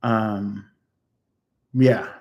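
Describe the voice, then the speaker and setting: A man's voice: on the low side, steady tone, drawn-out words. A man in his fifties telling stories from his own life in a casual, rambling way, full of ums and self-corrections. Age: 50s. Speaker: YouTuber reflecting on his life. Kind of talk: casual personal storytelling.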